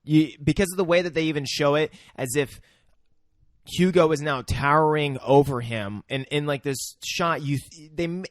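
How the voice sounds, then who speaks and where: A man's voice: fairly high pitch, moderate pace, no room sound, studio quality. A man co-hosting a podcast, talking through a film scene in casual chat. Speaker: podcast co-host. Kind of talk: casual movie discussion.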